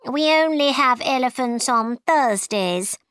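A woman's voice: sits high, expressive, slow, a bit bright, clear, resonant tone, no room sound, voice pushed up, full character voice. A woman voicing a bossy, boastful queen in a storybook, with a firm, know-it-all manner.

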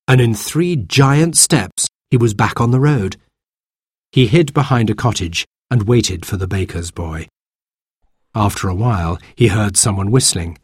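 A man reading a children's storybook aloud in an expressive way. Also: on the low side, measured pace, slightly rough, dry recording, studio quality. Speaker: narrator.

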